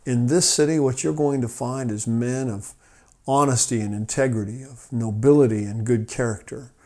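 A man voicing a calm wise old man at the gate. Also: mid-range voice, moderate pace, natural voice. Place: office.

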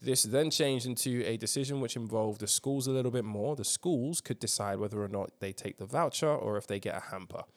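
A man's voice: medium pitch, brisk, hardly any pauses. A man hosting a casual current-affairs podcast, telling a story emphatically with swearing and lots of ums. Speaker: podcast host.

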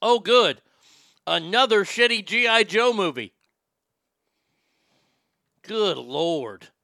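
A man's voice: high-pitched, lively intonation, slow, creaky, pushed and bright, no room sound, clean studio sound. A man hosting a casual show, ranting sarcastically with lots of profanity. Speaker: podcast host.

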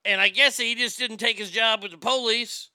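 High, bright-voiced ranting stream host. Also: male voice, fairly even intonation, normal speed, clear, resonant tone, no room sound, studio quality. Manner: ranting, profane, reads viewer comments aloud. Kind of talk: casual live stream chat.

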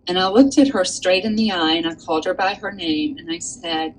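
A woman author, a guest, telling a personal story in an earnest, animated way with many fillers. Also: fairly low pitch, fairly quick, slight background noise, rough recording. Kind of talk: storytelling in a casual chat.

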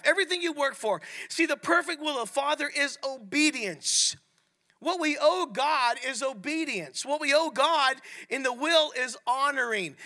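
A middle-aged man preaching a sermon at a men's ministry, animated and often asking the audience questions. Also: extremely high pitch. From Italian heritage. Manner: animated, asks the crowd questions.

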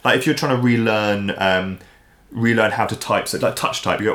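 A man as a podcast guest, talking in a casual, animated way and acting out the voices he quotes. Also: on the low side, fast. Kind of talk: casual interview chat. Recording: roomy echo.

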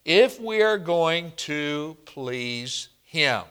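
Male pastor, slow deliberate sermon delivery, higher voice, call-and-response style. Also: lively intonation, fairly bright tone. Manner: slow, emphatic preaching with call-and-response questions.

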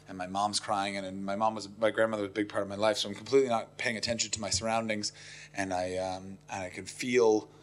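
A man doing stand-up, telling a story in an animated, profane way that swings from low muttering to frantic yelling. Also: fast. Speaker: stand-up comedian.

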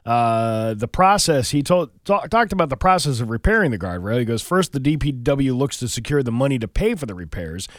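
A man's voice: mid-range voice, lively intonation, fairly quick, hardly any pauses, no echo, clean studio sound. A middle-aged man co-hosting a morning radio show, telling stories in a rambling way full of fillers. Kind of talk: casual radio banter. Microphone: studio mic.

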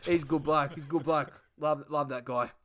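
A man with an Australian accent voicing a loud, crude, boastful male footballer who rambles excitedly. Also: a little high, normal speed, close to an everyday voice.

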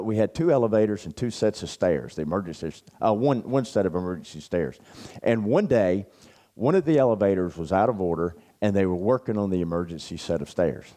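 A man's voice: lowish voice, warm tone. A man speaking at a men's church camp, telling stories in a folksy, anecdotal sermon with lots of fillers. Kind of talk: storytelling sermon.

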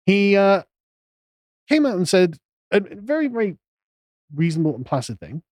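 A man's voice: high voice, sing-song, moderate pace, darkish tone, dry recording. A man co-hosting a casual political podcast, sardonic, mocking the people he quotes. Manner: sardonic, mocks quotes in put-on voices. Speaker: podcast co-host.

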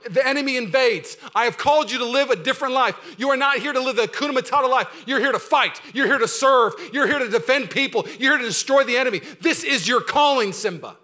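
An energetic male pastor preaching a sermon at a rapid clip. His voice sits high for a man and rings bright and forceful. He swings from loud, urgent preaching to quiet, intimate asides.

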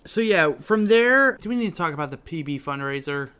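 A man's voice: a little high, brisk. A man co-hosting a podcast, recapping an episode in casual chat and acting out quotes from the show. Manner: animated storyteller, acts out quotes from the show. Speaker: podcast co-host.

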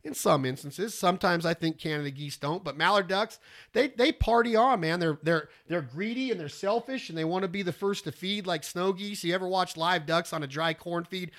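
A man, teaching duck calling in a rambling, folksy way, breaking into loud duck calls. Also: high voice, a little fast. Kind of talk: casual instructional talk.

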